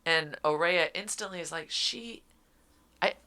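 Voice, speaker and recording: A woman's voice: very deep voice, normal speed, bright, forceful tone, smooth. A woman co-hosting a book podcast, casually retelling a story and acting out the characters' lines. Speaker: podcast co-host. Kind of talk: casual book recap chat.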